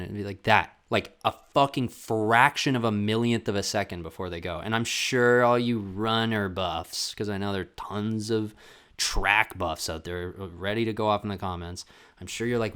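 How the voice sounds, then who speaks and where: Low-voiced profane podcast host. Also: male voice, normal speed, smooth. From Canada. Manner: profane, rambling, animated. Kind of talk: comedic solo podcast rant.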